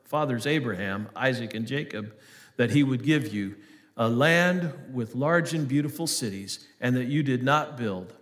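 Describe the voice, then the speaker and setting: A man's voice: mid-range voice, lively intonation, normal speed, a bit bright, in a large hall. A male pastor giving an earnest sermon, reading scripture aloud between hesitant, restarting remarks.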